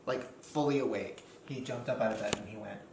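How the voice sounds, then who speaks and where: A man's voice: fairly low pitch, brisk, a loud crowd. A man in a played vlog clip, chatting casually and telling stories animatedly, laughing often. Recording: echoey room with loud music under.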